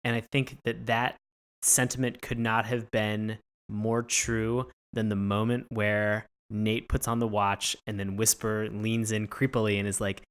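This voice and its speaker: A man co-hosting a casual podcast, talking excitedly and stumbling through restarts. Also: on the low side, unhurried, smooth. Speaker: podcast co-host.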